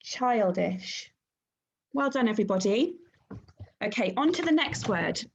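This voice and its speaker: A woman teaching a phonics lesson to young children, sounding out letters and syllables clearly and praising the class. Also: fairly high pitch, expressive, unhurried. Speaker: primary school teacher.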